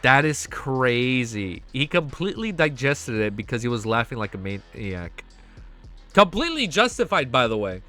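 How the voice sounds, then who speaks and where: A young man hosting a reaction stream. He reads a web novel aloud and keeps breaking in with excited, slangy outbursts. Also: mid-range voice, normal speed, faint music behind. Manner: excitable, slangy, cuts in on his own reading with outbursts.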